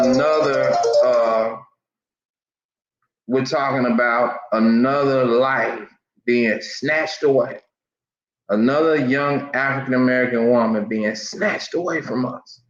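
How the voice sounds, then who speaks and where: A man's voice: medium pitch, fairly bright tone. Impassioned man, roomy lo-fi sound. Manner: repetitive, emphatic, stammering restarts. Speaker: online news commentator. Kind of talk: impassioned commentary.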